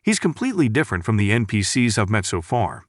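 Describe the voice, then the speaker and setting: A man's voice: on the low side, big pitch swings, fast talker, dry recording, studio quality. A man reading the lines of a blunt young male adventurer who talks curtly and dismissively. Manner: curt, dismissive. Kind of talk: recap narration with read-out dialogue.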